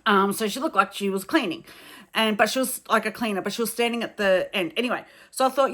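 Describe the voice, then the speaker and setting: A woman's voice: medium pitch, normal speed, fairly bright tone. An Australian woman telling travel stories to camera in a frank, chatty way, with swearing and many fillers. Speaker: travel vlogger. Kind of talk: casual storytelling to camera.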